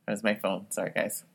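A woman's voice: a bass voice, creaky, warm tone, husky. A young woman giving casual, offhand reaction commentary on a TV episode, laughing often between short remarks.

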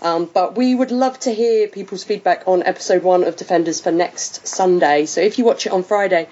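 British woman hosting a podcast, low voice. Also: a little fast, warm tone, highs cut off. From Britain. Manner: rambling, many fillers. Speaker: podcast host. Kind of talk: casual chat.

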